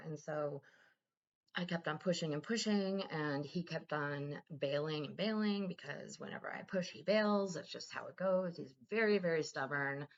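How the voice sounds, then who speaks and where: A woman's voice: low voice, moderate pace, highs cut off. A woman talking candidly in a casual personal vlog, rambling and swearing freely. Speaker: vlogger.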